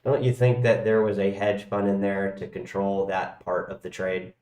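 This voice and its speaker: A man hosting a live stream, rambling and swearing, his loudness swinging from shouts to mumbles. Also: sits low, little pitch movement, normal speed. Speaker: crypto livestream host. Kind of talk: casual livestream rant. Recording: echoey room.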